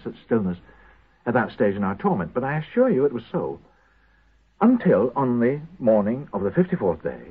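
A husky, haunted prisoner. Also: male voice, lowish voice. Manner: halting, intense dramatic delivery. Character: haunted male prisoner, grim and confessional. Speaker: prisoner addressing his comrades. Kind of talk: 1970s radio drama monologue. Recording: tinny lo-fi old radio broadcast.

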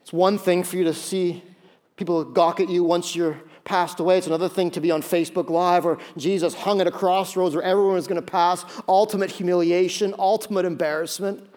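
Man, pastor, sermon, high-pitched, dramatic delivery, hushed passages. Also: steady tone, brisk. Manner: dramatic, acts out quoted voices, drops to hushed tones.

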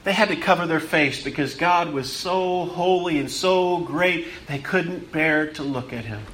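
A man preaching a sermon, emphatic, repeating words for stress and rising, then dropping to hushed tones. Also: a little high, measured pace, roomy sound, slight background noise.

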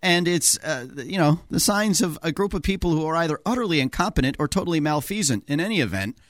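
A man's voice: on the high side, lively intonation, quick pace, no room sound, clean studio sound. A man hosting a talk radio show, telling a story animatedly with mock dialogue and frequent laughs.

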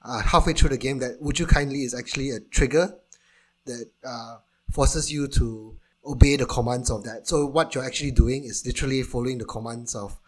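An eager man co-hosts a casual film podcast. He explains things at length and restarts his sentences often. His voice is mid-pitched and ordinary. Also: a little fast. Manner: eager, rambling, many restarts. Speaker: podcast co-host. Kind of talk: casual film news chat.

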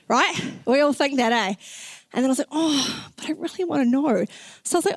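A young woman sharing a personal faith story in a chatty, expressive way, with many "like" fillers and acted-out reactions. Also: high voice, fairly quick, no echo. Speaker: speaker sharing a faith testimony.

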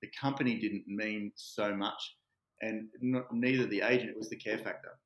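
A man's voice: on the low side, moderate pace. A man, a real estate agent and podcast guest, telling stories animatedly and acting out what people said. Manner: animated storyteller who acts out quotes. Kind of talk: casual storytelling interview. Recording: roomy echoey sound.

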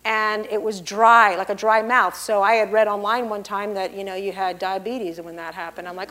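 A middle-aged pastor's wife giving a lively church testimony, acting out the people she quotes. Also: medium pitch, moderate pace, hardly any pauses. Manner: storytelling, acts out the people she quotes in big, loud voices.

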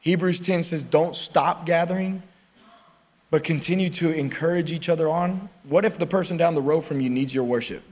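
Male pastor, high voice, lively conversational sermon, long hall reverb. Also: moderate pace. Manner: animated, conversational preaching with acted-out quotes.

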